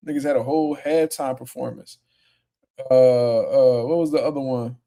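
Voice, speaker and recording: Young man, livestream host, casual chat, profane, mellow dark voice. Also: mid-range voice, steady tone, normal speed. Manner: profane, laid-back, heated when arguing with commenters.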